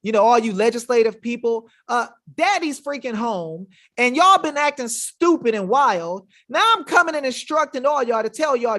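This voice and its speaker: A man's voice: very high-pitched, lively intonation, normal speed, hardly any pauses, bright, forceful tone. A man hosting a webinar in an emphatic, combative, slangy manner, talking casually to his viewers. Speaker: webinar host. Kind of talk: fiery casual livestream talk.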